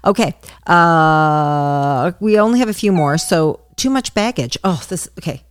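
A woman's voice: low voice, lively intonation, measured pace, smooth. A middle-aged woman hosting a casual chat with her daughter, teasing and reading out prompts. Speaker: mother and host.

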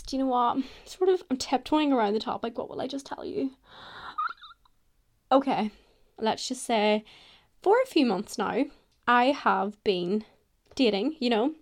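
Young woman, solo podcast host, mid-pitched, gossipy and self-deprecating, swears casually. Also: a little mellow. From Ireland. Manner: chatty, candid and self-mocking, with some swearing.

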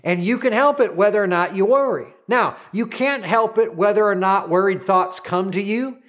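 A man's voice: high voice, moderate pace, fairly bright tone. A male pastor preaching a sermon, urging listeners on with repeated "come on" and having them say lines back to him.

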